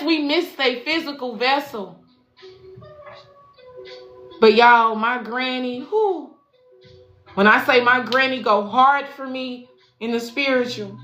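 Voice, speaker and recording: A woman with a fairly high pitch and sharp tone, working as a spiritual life coach and intuitive reader, gives viewers a casual, profane, affectionate reading on a tarot livestream. She calls them y'all and baby, and the echoey room carries faint music.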